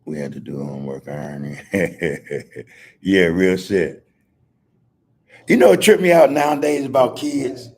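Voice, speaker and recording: Gravelly older man telling laughing stories. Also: low voice, lively intonation, measured pace, long pauses, darkish tone. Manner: laughing, profane storyteller. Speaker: podcast host. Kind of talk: casual storytelling chat.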